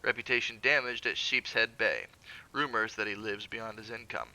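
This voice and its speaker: A man playing a cold, commanding schemer who reads out a man's record in crisp, imperious tones. The voice is bright and gravelly and often rises into sharp calls. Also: lowish voice, normal speed, poor audio. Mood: cold reading. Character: sinister, commanding older man reading a ledger.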